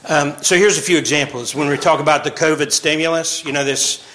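A man over forty gives a relaxed sermon to a small group. His voice is bright and a little high for a man. He jokes and laughs easily between his serious points. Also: rough recording. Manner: chatty, joking, quick laughs between points. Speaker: pastor.

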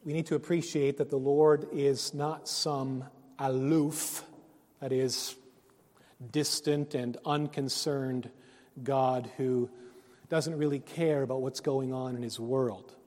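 A man preaching a sermon, earnest, rising to loud emphasis and dropping to hushed phrases. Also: medium pitch, steady tone, takes it slowly. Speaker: pastor. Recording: long reverb of a hall.

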